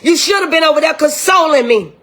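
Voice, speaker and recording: Older grandmother with a high voice, fired-up and indignant, speaking straight to camera. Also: animated, fairly quick, fairly bright tone. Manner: indignant, impassioned, repetitive direct address. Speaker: grieving grandmother. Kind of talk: emotional direct-address video.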